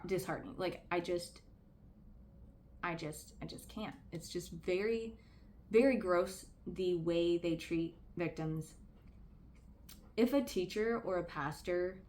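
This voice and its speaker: A woman talking candidly in a casual vlog, earnest and conversational, leaning on "like" a lot. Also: lowish voice. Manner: candid and conversational, heavy use of "like"; earnest, speaks out about personal experience. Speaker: vlogger. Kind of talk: casual commentary to camera.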